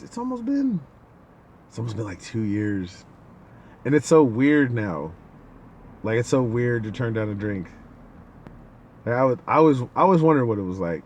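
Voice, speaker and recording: In a mid-range voice with slight background noise, a podcast host shares a casual anecdote. He brings it to life by animatedly performing the people involved.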